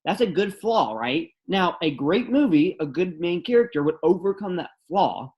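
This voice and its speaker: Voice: mid-range voice, expressive, moderate pace, darkish tone. A podcast co-host chatting casually, making critical points with rhetorical questions. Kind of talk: casual chat.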